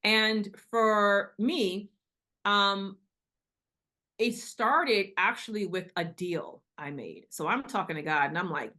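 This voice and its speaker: Animated woman telling her story. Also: medium pitch, slow pace. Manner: animated storytelling, acting out quoted voices. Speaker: guest. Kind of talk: casual interview conversation.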